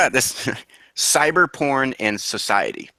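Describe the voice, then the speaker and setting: A man's voice: mid-range voice, lively intonation, slow pace, bright, forceful tone, no echo. A man co-hosting a casual podcast while sick. He swears freely, laughs often and sounds mock-incredulous. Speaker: podcast co-host. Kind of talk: casual chat.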